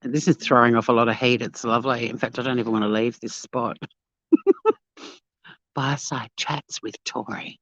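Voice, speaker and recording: An Australian woman streams from a beachside cafe, chatting casually and bubbly with her viewers while she walks. Her very deep voice holds a steady tone at a moderate pace and sounds a bit bright. The dull lo-fi phone audio has no echo.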